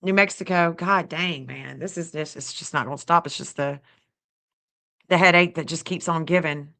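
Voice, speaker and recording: A woman hosting a casual livestream, chatty and excitable, talking straight to her viewers and laughing often. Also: low-pitched, normal speed, vocal fry. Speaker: livestream host reading astrology maps.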